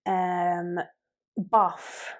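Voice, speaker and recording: A woman's voice: fairly low pitch, flat delivery, drawn-out words. A woman in her thirties from Britain, co-hosting a podcast in casual chat and explaining slang with playful acted-out examples. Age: 30s. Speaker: podcast co-host.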